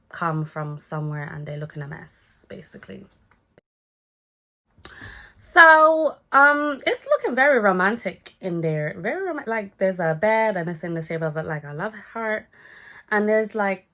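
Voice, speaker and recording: A young woman tells a story in a casual vlog, acting out what people said with big jumps in her voice. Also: normal speed. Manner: animated, acts out quotes with big pitch jumps. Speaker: vlogger.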